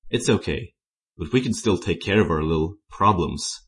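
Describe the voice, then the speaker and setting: A man doing a deep teasing zombie smoker. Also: animated, normal speed. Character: tall brooding male zombie smoker, teasing.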